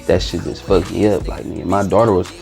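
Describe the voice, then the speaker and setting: Deep-voiced Bay man telling a story. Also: fairly even intonation, fast, vocal fry, a little mellow, soft background music. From East Oakland, California. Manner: loose, slangy, re-enacts dialogue. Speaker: interview guest. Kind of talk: casual storytelling.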